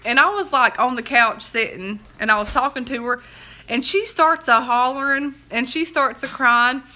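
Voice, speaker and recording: Sprawled on her couch at home, a woman rambles through a phone livestream, drawling as she giggles at her own anecdotes. Her voice is a little high, bright and pushed, in easygoing, meandering chat.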